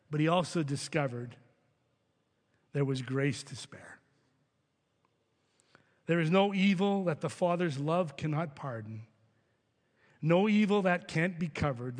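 Pastor guy preaching, bit higher voice, lots of echo, keeps repeating himself. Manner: earnest, stumbles and repeats words. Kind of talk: sermon. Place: church sanctuary. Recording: reverberant hall sound.

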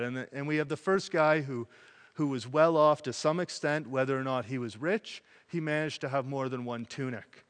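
A man preaching a sermon in an animated way, acting out voices as he tells a story. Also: on the high side, normal speed, in a large hall. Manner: animated, acts out quoted voices.

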